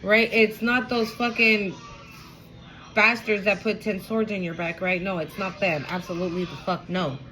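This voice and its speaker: A woman's voice: medium pitch, steady tone, moderate pace, noisy background. A woman giving a casual, emotional spiritual card reading to her viewers, repeating herself and swearing now and then. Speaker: tarot reader.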